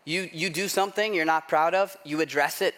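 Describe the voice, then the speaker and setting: A pastor with a voice on the high side preaches fairly quickly. He delivers animated, chatty stories with self-mocking humor, sprinkling in plenty of "like" and "right?"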